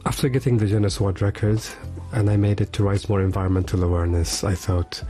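A man's voice: lowish voice, level tone, quick pace, mellow, faint music behind. Man as a hesitant radio guest. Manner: hesitant, with fillers and restarts. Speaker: interview guest, charity run organizer. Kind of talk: radio interview.

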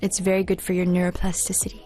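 A woman's voice: lowish voice, monotone, quick pace, dark tone, soft background music. A woman co-hosting a casual talk show, chatty and upbeat, laughing often. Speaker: podcast co-host. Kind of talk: casual chat.

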